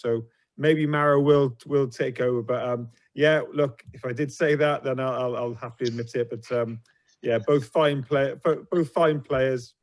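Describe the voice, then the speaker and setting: A man on a casual panel podcast, talking in a hesitant, self-deprecating way with repeated words. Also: medium pitch. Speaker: panel guest.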